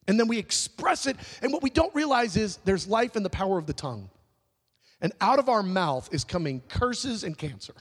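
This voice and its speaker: A male pastor delivers an animated sermon. His voice sits high and swings widely, often leaping up into loud emphasis. The sound carries the long reverb of a large hall. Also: moderate pace, husky.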